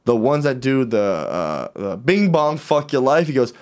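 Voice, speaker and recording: A man in casual podcast banter. He is an animated storyteller who jumps into other people's voices as he tells a story. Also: medium pitch, measured pace. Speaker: podcast host. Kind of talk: casual chat.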